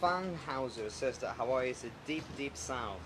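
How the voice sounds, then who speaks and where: A man's voice: medium pitch, animated, normal speed, noisy background. Chatty male host in a restaurant. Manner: reads out viewer questions, chatty with fillers. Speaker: show host. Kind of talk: casual livestream hosting. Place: Indian restaurant.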